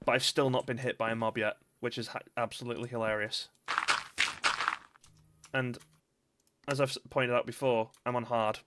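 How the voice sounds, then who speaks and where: A man's voice: medium pitch, level tone, moderate pace, pauses often, heavy background noise. A man giving casual, rambling commentary while streaming a game, chatting and laughing often. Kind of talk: casual let's-play commentary. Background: faint game music.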